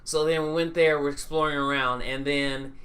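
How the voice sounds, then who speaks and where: Bright man telling a goofy anecdote. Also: fairly high pitch, normal speed. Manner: animated anecdote-telling with giggles. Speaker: podcast co-host. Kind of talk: casual podcast storytelling.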